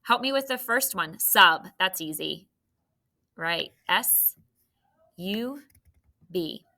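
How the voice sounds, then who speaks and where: Casting: young woman, third grade teacher, slow encouraging phonics delivery, bright tone. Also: mid-range voice, animated. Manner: slow, encouraging, spells out letters. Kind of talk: phonics lesson to young students.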